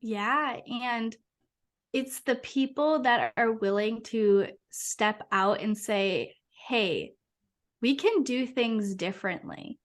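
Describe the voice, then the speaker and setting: A young woman from Massachusetts, a podcast guest, telling her story in an earnest, animated, casual way. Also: fairly high pitch, slow. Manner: earnest, animated, uses many fillers. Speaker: podcast guest, hypnotherapist and coach.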